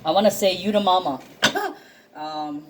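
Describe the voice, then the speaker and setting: Teary, low-voiced woman reading cards. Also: animated, a little slow, background noise. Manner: emotional, laughs often, swears casually. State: teary and sniffling. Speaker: intuitive card reader. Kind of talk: casual tarot card reading.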